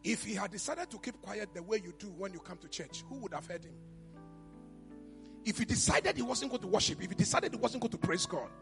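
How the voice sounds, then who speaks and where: A man with a Ghanaian accent, a pastor preaching a sermon, rising to high shouts and falling to quiet murmurs. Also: animated, a little fast, creaky. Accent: Ghanaian English. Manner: preaching, shouts to a high pitch then drops to a low murmur. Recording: reverberant church hall with music behind.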